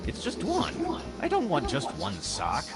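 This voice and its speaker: A man's voice: a little high, wildly swooping pitch, unhurried. An actor voicing a male adventure game character who makes dry, offhand remarks. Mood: wry. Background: game music.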